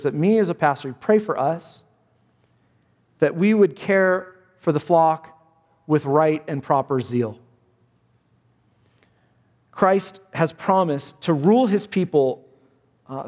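Earnest preaching pastor, high-ish voice. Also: male voice, darkish tone, in a large hall. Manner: earnest, emphatic preaching with repeated phrases. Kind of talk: sermon.

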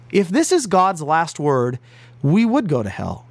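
A man's voice: fairly high pitch, wildly swooping pitch, a little slow, dry recording. A man preaching an earnest, emphatic sermon as pastor. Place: broadcast to listeners at home and on the road.

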